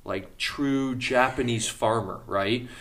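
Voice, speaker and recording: A man who is a health practitioner, chatting on a health podcast and telling a story with excitement, often laughing as he talks. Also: mid-range voice, takes it slowly. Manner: excitable storytelling, laughs through his words. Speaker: health practitioner and regular expert on a health show. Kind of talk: casual podcast chat.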